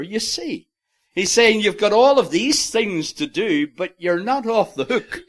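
A man's voice: sits high, big pitch swings, unhurried, fairly bright tone. A man preaching an expository sermon, earnest and emphatic, quoting scripture in old-fashioned wording.

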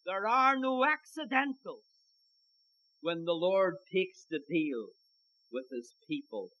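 Irish male preacher, fairly high voice swinging widely, unhurried sermon delivery, dull lo-fi recording. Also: lively intonation. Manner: emphatic, repeats key lines, addresses listeners as "my friends".

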